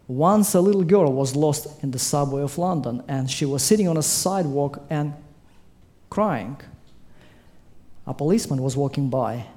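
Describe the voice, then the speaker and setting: Man, preacher, sermon, emphatic, fairly high pitch, mellow tone. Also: expressive, normal speed. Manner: emphatic, swelling to loud climaxes.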